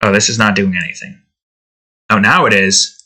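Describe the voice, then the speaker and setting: At a moderate pace and fairly low pitch, a game developer vlogger mutters his thoughts while adjusting sound effects for his game. He sounds bright and forceful, rambling, interrupting himself, and chuckling along.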